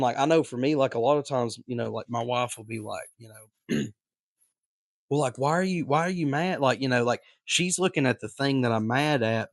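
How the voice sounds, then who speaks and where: A man's voice: mid-range voice, dry recording. Guy on a podcast rambling kinda earnest, lotta ums, mid voice, dead dry mic. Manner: rambling, filler-heavy, earnest. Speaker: podcast co-host. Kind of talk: casual podcast chat.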